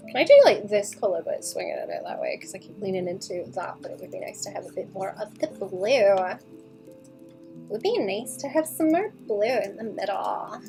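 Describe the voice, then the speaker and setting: A woman's voice: medium pitch, big pitch swings, normal speed, vocal fry, dark tone, soft background music. A young woman livestreaming her drawing session, chatting casually with viewers, muttering to herself as she works, laughing often and swearing freely. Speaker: artist streaming a drawing session.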